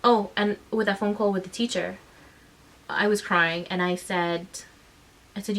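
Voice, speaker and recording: A woman vlogging as a mother, frustrated and indignant, her voice shaken and close to tears, speaking in halting bursts with many restarts. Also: medium pitch, steady tone, a bit bright. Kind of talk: emotional personal vlog recounting.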